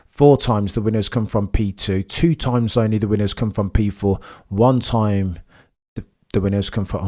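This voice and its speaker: A young man hosting a live race watchalong stream, talking straight to his chat, quiet and nervous one moment, loud and excited the next. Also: lowish voice. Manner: chatty, talks straight to his viewers; swings from hushed nervous mumbling to loud excited shouting. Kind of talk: live sports watchalong commentary.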